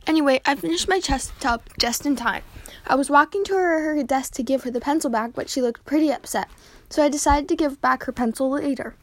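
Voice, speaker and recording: A woman reading her own story aloud, halting with frequent slips and restarts. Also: sits high, no echo. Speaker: reader.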